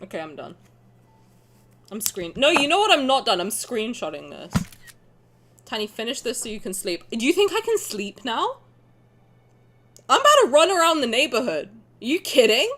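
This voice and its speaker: A woman streaming a game, chatting in an excitable, laughing way that bursts into yells. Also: fairly high pitch, normal speed, pauses often. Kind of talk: excited casual reaction stream chat.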